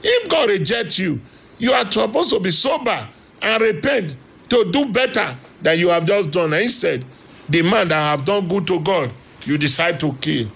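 A man preaching, calling himself a prophet, impassioned, repeating his lines and at times shouting. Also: sits high, expressive, normal speed, vocal fry, slightly rough. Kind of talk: sermon.

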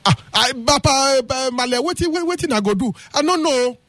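A man doing a stammering, anxious husband in Nigerian Pidgin, pitched up high. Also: lively intonation, brisk, fairly bright tone, no room sound. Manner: stammers and repeats words.

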